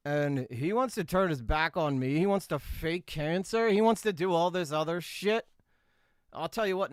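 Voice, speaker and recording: A man's voice: sits high, a bit bright, clear, resonant tone, dry recording, clean studio sound. A man doing a comedic impression of a cocky, boastful male drama-news YouTuber who rambles and keeps asking "all right?".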